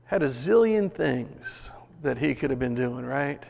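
A man preaching a sermon, telling a story in an animated way and acting out the voices of people in it. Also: medium pitch, measured pace, gravelly. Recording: long reverb of a large hall.

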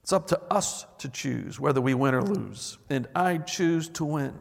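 A man's voice: medium pitch, lively intonation, moderate pace, gravelly, hardly any pauses, big-room sound. A man preaching a sermon in a church, reading song lyrics aloud and building emphasis as he goes. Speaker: pastor.

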